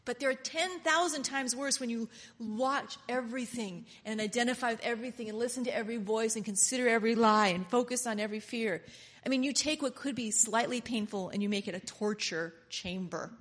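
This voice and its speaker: A woman preacher delivering a sermon in an animated, emphatic way, repeating key lines and laughing often. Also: a little high, a little fast, big-room sound.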